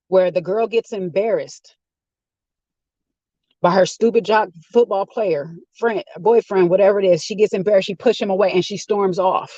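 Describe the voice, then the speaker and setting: A man's voice: high voice, darkish tone, no room sound, dull audio. A man giving a rambling, opinionated casual rant while sitting in a car. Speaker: vlogger. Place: inside a car.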